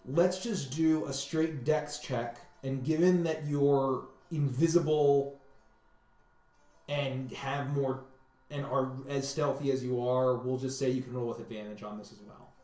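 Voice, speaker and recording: A man narrating a tabletop game as game master, halting and repeating words as he describes scenes. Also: medium pitch, fairly even intonation, mellow. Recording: echoey room.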